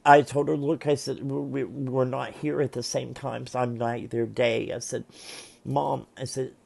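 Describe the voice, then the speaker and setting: A man who reads tarot, talking to camera at home in a heartfelt, halting way with many restarts and pauses. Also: mid-range voice, flat delivery, vocal fry, darkish tone. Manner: halting and emotional, with frequent restarts. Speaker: tarot reader and vlogger. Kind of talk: casual heartfelt monologue to camera. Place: at home, seated in a chair.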